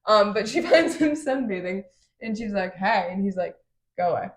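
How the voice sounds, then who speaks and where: A woman's voice: medium pitch, animated, normal speed. A woman co-hosting a casual book podcast, summarizing chapters in a loose, swearing, storytelling way. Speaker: podcast co-host. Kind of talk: casual book-club chat.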